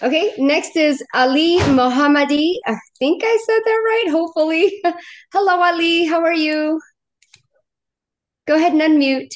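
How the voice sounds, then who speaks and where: High-voiced bubbly woman co-host. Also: normal speed. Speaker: co-host running the call queue. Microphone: video call.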